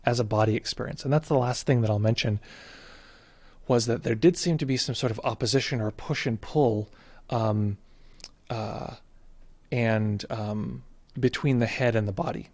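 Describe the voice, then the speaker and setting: A man speaking as a meditation teacher in a casual livestream talk, reflective and halting with many fillers and restarts. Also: medium pitch, a little mellow, no echo.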